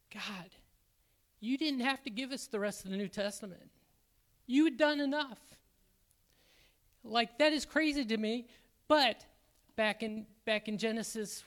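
A man speaking to a church as an elder candidate, excitable and halting, with frequent restarts. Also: high voice. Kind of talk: sermon-style church talk.

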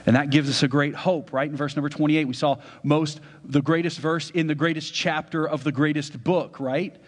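A man's voice: fairly high pitch, fairly even intonation, normal speed. Preaching man in a reverberant hall. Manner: conversational preaching with frequent "right?" asides. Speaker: pastor. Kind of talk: sermon.

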